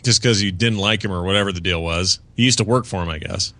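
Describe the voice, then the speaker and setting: Deep-voiced and forceful, this male podcast co-host talks quickly with a bright tone while chatting casually about a TV season. He rambles, restarting often and filling gaps, and his studio mic picks up no echo.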